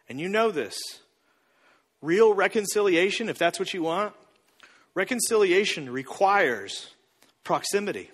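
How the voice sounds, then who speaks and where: High-voiced man preaching in a reverberant hall. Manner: casual, joking, animated, acts out quotes. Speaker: pastor. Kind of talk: sermon.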